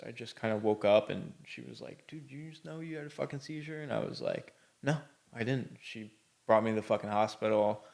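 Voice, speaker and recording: A man with a gravelly, creaky voice hosts a podcast and tells his own story. He talks bluntly and casually, drifting through fillers and swearing freely. His voice sits at an ordinary middle pitch. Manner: candid and blunt, with frequent swearing; loose, rambling delivery full of fillers. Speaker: podcast host. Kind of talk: personal storytelling.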